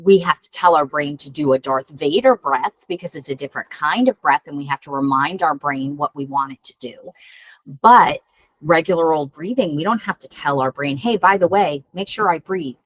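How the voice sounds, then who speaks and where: A woman teaching children a mindful breathing lesson, gentle and encouraging, laughing at herself when it goes wrong. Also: sits low, normal speed, dry recording, lo-fi sound. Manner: gentle, encouraging, self-deprecating. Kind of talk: guided breathing lesson for kids.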